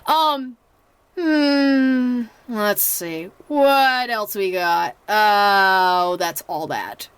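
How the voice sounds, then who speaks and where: A chatty young woman talks through a movie review in a slightly high voice, rambling with plenty of fillers and restarts. She acts out her reactions as she goes. The sound is dry and close, with no room around it. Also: fairly bright tone, clean tone, no room sound. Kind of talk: casual spoken movie review.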